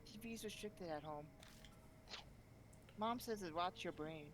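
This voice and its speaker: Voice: mid-range voice, a little slow, close to an everyday voice. Small polite girl out at night read by a player, faint hiss behind. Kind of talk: voicing a visual novel live.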